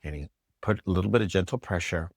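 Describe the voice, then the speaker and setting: Man, chiropractor guest, animated storytelling, acts out dialogue, low voice, dry close sound. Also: fast, gravelly, no room sound. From United States. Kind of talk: storytelling in a podcast interview. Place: podcast studio.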